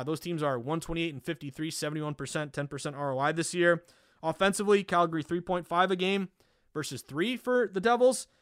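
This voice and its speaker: A man with a Boston accent hosting a solo sports betting podcast, talking energetically with lots of fillers and quick self-corrections. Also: a little high, fairly bright tone, no echo, studio quality.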